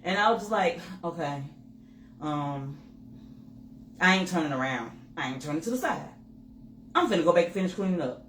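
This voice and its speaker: A woman co-hosting a candid couple's chat with her husband, telling personal stories with lively acted-out inner dialogue. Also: fairly low pitch, moderate pace, long pauses. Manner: animated storytelling, acts out her own inner voice. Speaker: co-host. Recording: roomy with faint noise.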